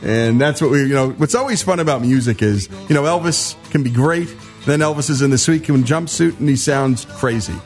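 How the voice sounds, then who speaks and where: A man's voice: mid-range voice, fairly quick, hardly any pauses, faint music behind. A man hosting a radio talk show, jokey and leading the conversation in casual chat.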